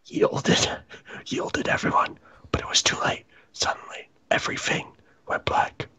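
A man doing a comedic, mock-dramatic reading of fan fiction, reading the punctuation aloud in a breathy half-whisper. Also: unhurried, sharp tone. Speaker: reader.

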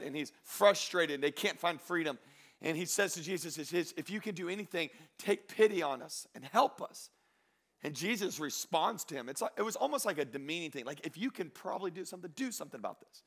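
A male pastor preaching a sermon, who swings between loud exhortation and quiet scripture reading and acts out the voices he quotes. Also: fairly high pitch.

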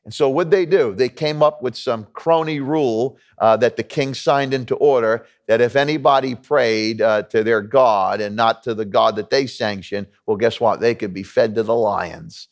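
A pastor preaching a conversational, emphatic sermon with stories and a New York accent. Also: male voice, mid-range voice, normal speed, few pauses.

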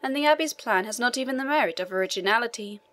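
A woman's voice: fairly high pitch, lively intonation, quick pace, a bit bright. A woman voicing an impatient male prison inspector who answers in a dry, matter-of-fact way.

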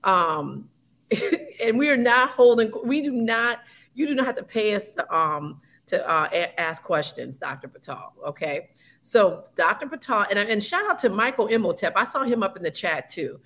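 A woman's voice: mid-range voice, expressive, moderate pace, a bit bright. A woman hosting a live-streamed interview, chatty and loose, reading questions from the chat. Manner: chatty, many fillers and restarts, reads from the chat. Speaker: host.

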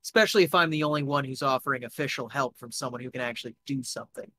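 A man playing a gruff, blunt male fixer who swears freely, in a live tabletop game. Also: medium pitch, very fast, pushed and bright, slight background noise, pitched below the performer's own voice, close to an everyday voice.

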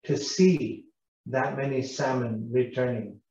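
Slow, mellow-voiced man telling stories. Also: medium pitch. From British Columbia, Canada. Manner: gentle, unhurried, asks listeners questions. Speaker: Indigenous cultural interpreter. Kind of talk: storytelling lesson for schoolchildren. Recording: echoey, distant, dull live broadcast sound.

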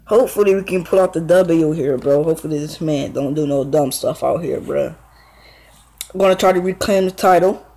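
A man's voice: fairly high pitch, brisk, creaky, poor audio. A young man giving casual, slangy play-by-play commentary on his own wrestling video game match. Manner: slangy, excitable play-by-play with fillers. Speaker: gaming YouTuber.

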